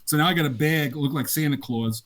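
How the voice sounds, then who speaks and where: An older man tells animated stories from his years as a game designer, laughing often as he goes. His voice sits a little high for a man. The talk is a relaxed interview chat. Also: brisk. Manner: animated, laughing anecdotes with acted quotes. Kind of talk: casual storytelling interview.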